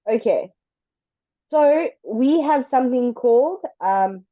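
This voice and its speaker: A woman's voice: a little high, lively intonation, no room sound, muffled recording. A woman teaching an English lesson, speaking patiently and drawing words out to demonstrate them. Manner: patient, slow and deliberate, stretching words to demonstrate. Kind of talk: online language lesson.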